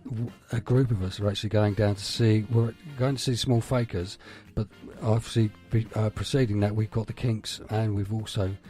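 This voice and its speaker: A man's voice: on the low side, little pitch movement, moderate pace, few pauses, warm tone, soft background music. An English man co-hosting a radio show, friendly and easygoing. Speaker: radio co-host. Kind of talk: casual radio chat.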